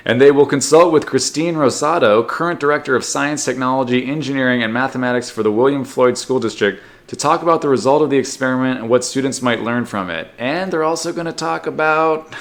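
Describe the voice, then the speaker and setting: A man hosting a comedy podcast, reading odd news stories aloud and riffing on them with sarcastic jokes and quick silly voices. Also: medium pitch. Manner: sarcastic, reads headlines then riffs with silly put-on voices. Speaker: podcast host.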